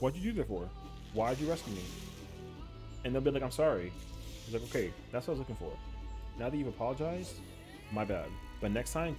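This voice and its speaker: A man's voice: medium pitch, darkish tone. Heated, slangy male game streamer. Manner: slangy, profane and heated, peppered with "yo". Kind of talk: casual chat while gaming.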